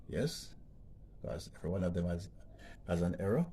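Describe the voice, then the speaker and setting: A man's voice: sits low, sing-song, fairly quick, dark tone, slightly rough. A man teaching a grammar lesson, explaining patiently and checking in with "okay?" as he repeats each point. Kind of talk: educational vlog lesson.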